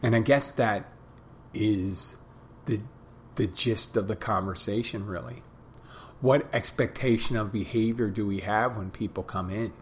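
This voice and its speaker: Plain-spoken bartender man, low voice. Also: fairly even intonation, a little hiss or hum. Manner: plain-spoken, halting with restarts and fillers. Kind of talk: casual storytelling monologue.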